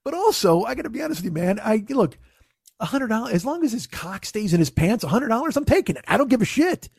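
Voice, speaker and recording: Gravelly man telling a profane story. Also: extremely high pitch, sing-song, quick pace, darkish tone, dry recording, clean studio sound. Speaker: podcast host telling a story. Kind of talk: casual storytelling.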